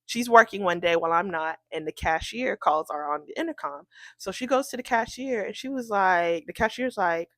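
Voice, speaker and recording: A woman telling a storytime tale in an animated, incredulous way, acting out the people she quotes. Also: medium pitch, no room sound. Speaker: storytime vlogger. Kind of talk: casual storytime.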